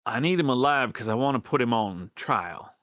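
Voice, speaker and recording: A man voicing a halting, earnest rat rebel woman. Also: mid-range voice, lively intonation, a bit bright, dry recording, clean studio sound, voice pushed up. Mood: firm. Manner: halting, hesitant, folksy drawl with many restarts. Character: earnest female rat rebel pleading for allies. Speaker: game master. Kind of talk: in-character role-play in a tabletop game.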